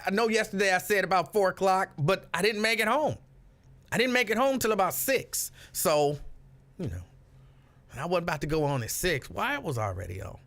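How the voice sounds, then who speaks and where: A man's voice: high-pitched, expressive, brisk, fairly bright tone. A man hosting a casual afternoon live stream, greeting viewers by name, reading out their comments and joking about himself. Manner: playful, joking self-mockery. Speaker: host.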